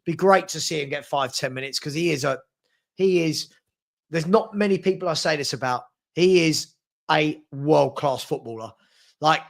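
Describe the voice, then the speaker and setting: A man's voice: a little high, moderate pace, creaky, fairly bright tone. A man hosting a live match watchalong, calling the play in a casual way and chatting with viewers about their comments. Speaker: watchalong host.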